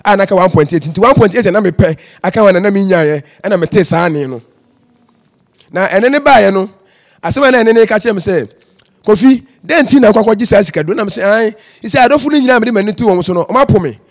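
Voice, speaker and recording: A man's voice: high-pitched, expressive, fast. A man with a Ghanaian accent, an evangelist telling his life story as an interview guest and slipping English phrases into his talk. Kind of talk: personal testimony in casual interview.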